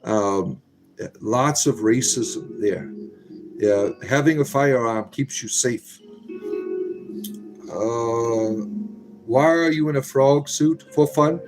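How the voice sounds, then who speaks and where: A man's voice: mid-range voice, slow, long pauses, over music, rough recording. Rambling man chatting on a livestream. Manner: rambling, with frequent fillers and restarts. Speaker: livestream host. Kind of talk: casual livestream chat, answering comments.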